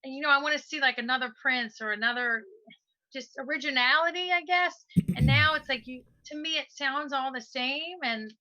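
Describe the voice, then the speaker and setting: Bright, eager woman on a laptop call. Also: high-pitched, fairly quick, dry recording. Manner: enthusiastic, rambling. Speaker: musician guest. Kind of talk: casual chat on a video call. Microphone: laptop on a video call. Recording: dull, lo-fi laptop audio with dropouts.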